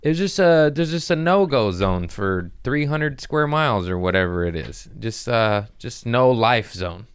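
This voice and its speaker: A man with a low voice hosts a loose comedy podcast. He rambles from one bit to the next, swears freely and gets excitable. The sound is close and dry, like a small studio. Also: clear, resonant tone, no echo. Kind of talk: casual podcast chat.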